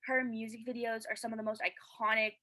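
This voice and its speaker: Bright, eager young-sounding woman guest. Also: on the high side, flat delivery, brisk, poor audio. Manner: eager and chatty, many fillers; earnest and heartfelt. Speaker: interview guest, dancer. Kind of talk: casual interview chat.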